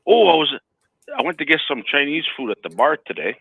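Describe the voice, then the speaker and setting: A man's voice: on the high side, expressive, a little fast, vocal fry, husky, no room sound. A man telling rambling stories in a casual chat as co-host, often stammering and laughing. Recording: dry, phone-like line.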